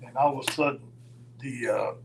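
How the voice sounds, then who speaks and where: Gravelly older man telling road stories. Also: medium pitch, a little hiss or hum, low-quality recording. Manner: rambling, chuckling, halting with fillers. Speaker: guest storyteller. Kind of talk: casual anecdote on a live stream.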